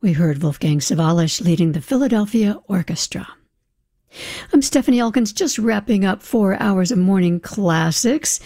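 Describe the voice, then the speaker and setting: A woman hosting a classical music radio show, announcing the last piece in a measured studio delivery. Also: medium pitch, animated, dark tone, no room sound. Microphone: studio microphone.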